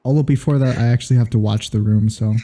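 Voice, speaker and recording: A man's voice: mid-range voice, steady tone, quick pace, mellow. A young man co-hosting a casual podcast, rambling and hesitant as he talks. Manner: rambling, hesitant, full of fillers. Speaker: podcast co-host. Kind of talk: casual chat.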